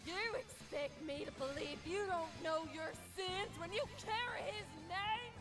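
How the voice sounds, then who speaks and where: A woman's voice: extremely high pitch, measured pace, over music. A woman voicing a cocky, brash male warrior general who taunts his opponent. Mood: taunting. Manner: swaggering, taunting. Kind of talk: comedy parody voice acting.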